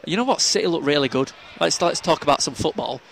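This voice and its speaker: Yorkshire male co-host, slightly high voice, loose jokey chat, faint street noise behind. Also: lively intonation, fast, vocal fry. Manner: rambling, jokey, laughs often. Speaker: podcast co-host. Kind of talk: casual chat.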